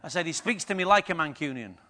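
A man pastor preaching a sermon, firing rhetorical questions at the congregation and swinging between quiet and loud. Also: on the high side, expressive, fast talker, a little hiss or hum.

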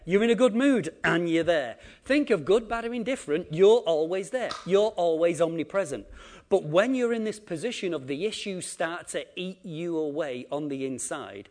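A man preaching a sermon, acting out quotes and swinging between loud emphasis and quiet asides. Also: a little high. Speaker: pastor.

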